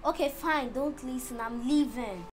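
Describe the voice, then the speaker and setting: A woman's voice: sits high, fast talker, a little mellow, roomy sound, slight background noise, natural voice. An actress playing a sulky young daughter who whines and tattles on her mother. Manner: whiny, sulky.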